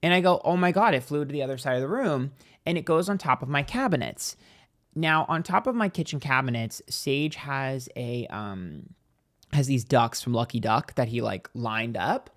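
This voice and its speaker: A man's voice: medium pitch, expressive, normal speed. A man guesting on a podcast, telling a long personal story in a chatty way, peppered with "like" and acted-out quotes. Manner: chatty, heavy use of "like", acts out quotes. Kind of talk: casual storytelling.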